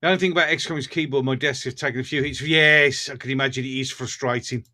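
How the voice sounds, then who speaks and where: A man with an English Black Country accent hosts a casual livestream, reading comments and chatting with viewers while joking and laughing often. His mid-range voice has a steady, sharp tone, and he talks at a quick pace.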